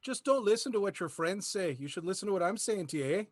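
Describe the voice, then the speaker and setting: A man acting a Canadian Mountie-type boyfriend, high-pitched, terse, says eh, dry recording, improv comedy. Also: expressive, quick pace, no echo. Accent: Canadian put-on. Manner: terse, ends lines with "eh". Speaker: improv performer. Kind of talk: improv scene.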